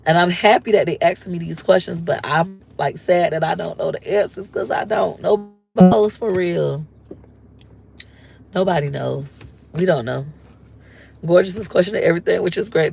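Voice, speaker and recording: A vlogger in her forties, a mother of grown children, talks candidly and emotionally to her viewers in casual slang, acting out what her husband said. Her voice is fairly low, creaky and darkish at a moderate pace, with soft background music.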